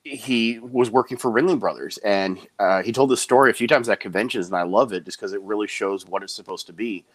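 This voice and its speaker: A man in casual interview chat, an animated storyteller who slips into quick high voices when he quotes people. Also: no room sound. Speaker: guest, clown performer.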